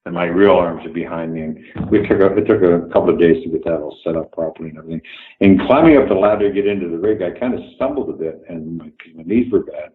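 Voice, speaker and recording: An older man from Toronto, Canada, with a deep voice talks fast as a remote interview guest, telling blunt anecdotes laced with swearing. He acts out quoted dialogue and chuckles through his stories, heard in an echoey room over a tinny, phone-like line.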